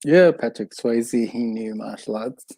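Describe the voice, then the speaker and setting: A man's voice: medium pitch, unhurried, vocal fry, mellow, no echo. A man co-hosting a podcast, adding brief, chuckling remarks in a casual film chat. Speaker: podcast co-host.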